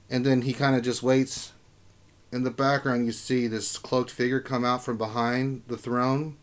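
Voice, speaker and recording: A man's voice: mid-range voice, flat delivery. Casual young male game master. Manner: casual, halting with fillers. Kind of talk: narrating a tabletop game.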